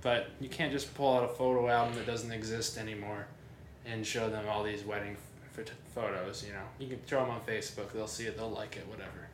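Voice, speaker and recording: A man's voice: fairly low pitch, steady tone, a little fast, reverberant, a little hiss or hum. A man co-hosting a casual podcast, chatty and self-deprecating, often asking naive questions. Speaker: podcast co-host.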